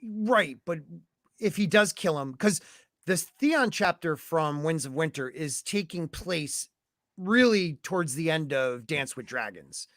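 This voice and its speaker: A man hosting a podcast, chatting casually and getting excited as he agrees with his guest. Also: fairly high pitch, unhurried, no echo, studio quality. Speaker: podcast host.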